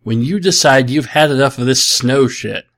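A man's voice: mid-range voice, normal speed, a bit bright. A man hosting a podcast, answering listener questions in a casual, joking way with sarcastic asides and self-mockery. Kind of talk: casual comedic chat.

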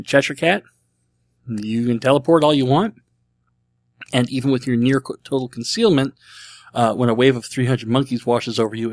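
A young man hosting his podcast in a casual, jokey, self-mocking way, full of quick asides. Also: medium pitch, dry recording. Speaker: podcast host.

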